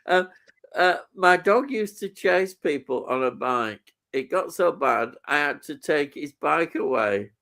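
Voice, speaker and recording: A man's voice: fairly high pitch, expressive, measured pace, vocal fry, sharp tone. A man co-hosting a casual live stream, reading out viewer comments with lots of ums and easy laughter.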